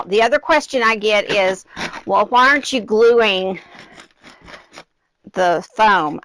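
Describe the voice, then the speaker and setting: A woman's voice: medium pitch, fairly bright tone, dry recording. A middle-aged woman hosting a live craft demonstration, chatting directly to her viewers and slightly out of breath. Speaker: craft tutorial host.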